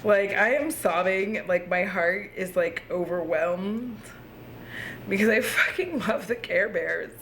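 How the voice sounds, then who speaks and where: A tipsy woman hosting a casual makeup review vlog from home, gushing, excitable and swearing freely. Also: medium pitch, takes it slowly, a little hiss or hum. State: tipsy from drinking. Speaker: beauty vlogger.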